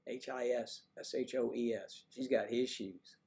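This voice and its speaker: An older man chats loosely on a livestream, tossing out folksy old sayings between pauses. His voice sits in an ordinary middle pitch. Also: steady tone, darkish tone. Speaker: livestream host. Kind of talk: casual livestream chat.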